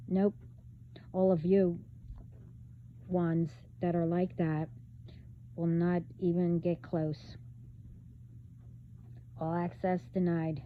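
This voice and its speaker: A woman talking bluntly in a casual spiritual vlog, halting, with many fillers and restarts. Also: on the low side, level tone, slight background noise. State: hiccups. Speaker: vlogger. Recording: phone-like band-limited audio.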